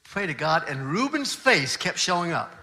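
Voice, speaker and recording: A man's voice: a little high, sing-song, normal speed, sharp tone, slight background noise. An older man, a pastor, telling a personal story in a sermon in an earnest, conversational way with frequent restarts.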